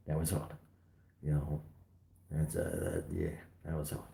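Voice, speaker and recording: A man's voice: deep voice, big pitch swings, unhurried, vocal fry, darkish tone. A middle-aged Australian man chatting casually and rambling on a livestream, reading out viewer comments. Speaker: livestream host.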